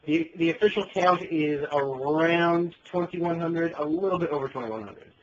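A young man with a slightly high voice trades sarcastic jokes in casual chat. The recording is dull and lo-fi, with a faint hiss behind him. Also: moderate pace. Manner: sarcastic, jokey. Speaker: podcast co-host. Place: his bedroom.

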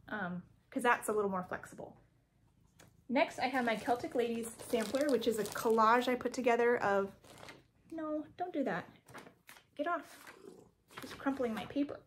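A woman with a voice on the high side chats through a show-and-tell vlog of her cross stitch projects in her home craft room. She rambles, corrects herself and says um frequently, over a little hiss or hum.

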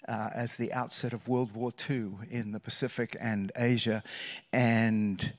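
A man preaching a sermon as a guest pastor, telling a story with loud bursts and hushed, quiet passages. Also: medium pitch. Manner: animated, shifts between loud bursts and hushed retelling. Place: church sanctuary.

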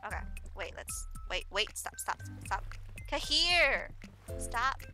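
A woman streamer chatting casually through a video game, giggly and easily excited by cute things. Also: mid-range voice, moderate pace, faint music behind. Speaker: gaming streamer. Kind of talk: casual let's-play commentary.

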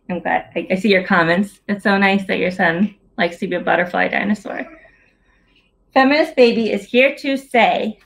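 A woman's voice: mid-range voice, creaky, fairly bright tone. A woman in her thirties reading her picture book aloud at a story hour over a video call, in a playful sing-song way that talks straight to young children.

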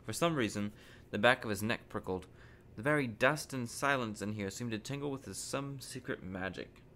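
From his living room, a male podcast host reads a children's novel aloud at an unhurried, steady pace, stumbling a little now and then. He speaks at a medium pitch, and there is a bit of background noise.

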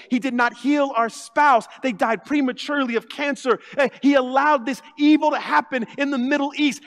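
A man, the lead pastor, preaching a sermon with animated delivery, acting out quoted voices and joking with the congregation. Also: extremely high pitch, big-room sound. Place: church sanctuary.

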